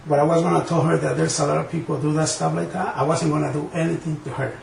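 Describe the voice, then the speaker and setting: A man giving flat, evasive, curt answers while being questioned on camera. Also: a little high, fast, vocal fry. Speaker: man caught on a TV sting show. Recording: echoey, distant, noisy TV clip.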